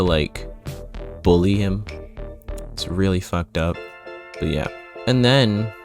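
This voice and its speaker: A man casually recapping a TV show in a rambling, profane way, often laughing at his own story. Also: mid-range voice. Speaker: video creator.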